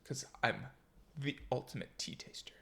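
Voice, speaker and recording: A woman's voice: a bass voice, lively intonation, normal speed, a bit bright. A woman co-hosting a podcast in goofy, rambling casual chat. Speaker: podcast co-host.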